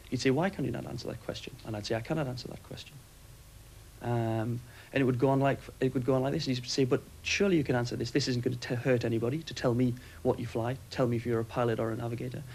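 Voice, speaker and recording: A man who served as aircrew, giving a steady, matter-of-fact account in a documentary interview. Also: mid-range voice, fast talker, gravelly, slight background noise, low-quality recording. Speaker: former RAF aircrew interviewee.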